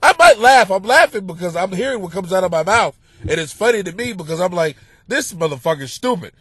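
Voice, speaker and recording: Male comic podcast host, high voice, crude rant, dead-dry booth sound. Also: lively intonation, a little fast, breathy edge, dry recording. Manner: crude, ranting, swings into yelling and laughter. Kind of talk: profane comedic monologue.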